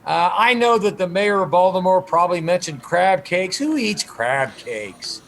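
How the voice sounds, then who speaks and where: High-voiced mayor rambling amiably. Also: male voice, lively intonation, measured pace, fairly bright tone. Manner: friendly, rambling, hesitant with many fillers. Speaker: big-city mayor, interviewee. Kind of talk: relaxed interview banter.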